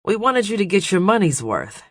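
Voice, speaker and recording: A man voicing a boastful young sand diver, talking eagerly with a raised, excited voice in an audiobook. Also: high voice, brisk, dry recording, pitched above the performer's own voice, full character voice. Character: rugged male sand diver, brash, boastful.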